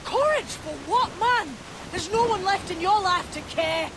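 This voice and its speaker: A reproachful young wife in a video game scene, scolding and pleading by turns. Her voice is very high, and steady surf and waves roll clearly behind her. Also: unhurried, noisy background. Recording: ocean waves heard behind.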